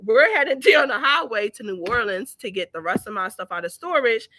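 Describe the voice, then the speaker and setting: Animated Philly woman telling stories. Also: brisk, slight background noise. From Philadelphia. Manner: animated, breaks into laughter and high-pitched yelling while telling stories. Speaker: business owner vlogging. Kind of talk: casual storytelling vlog.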